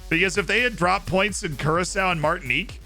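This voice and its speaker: A male streamer talks through his football management game in casual commentary, excitable and jokey. His voice is bright and forceful at a middling pitch, with faint music underneath. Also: fast talker.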